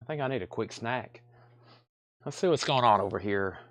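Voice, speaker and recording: A man's voice: mid-range voice, animated, normal speed, a bit bright. A man hosting a live sale, rambling casually and joking at his own expense. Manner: rambling, self-deprecating, chatty while eating. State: coughing, throat choked. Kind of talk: casual livestream chat.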